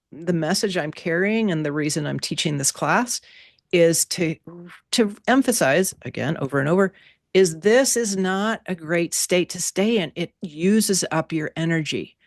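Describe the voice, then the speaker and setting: A woman teaching an online workshop class over a video call, in an animated, playful way that repeats key words. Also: lowish voice, no echo, clean studio sound.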